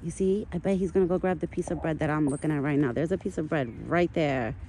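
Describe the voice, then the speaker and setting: A woman's voice: low-pitched, quick pace, mellow, slight background noise, rough recording. A woman vlogging outdoors in a foggy forest, chatting casually and talking to a deer in affectionate pet talk. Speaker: vlogger feeding a wild deer. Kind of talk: casual outdoor chat to camera and to an animal.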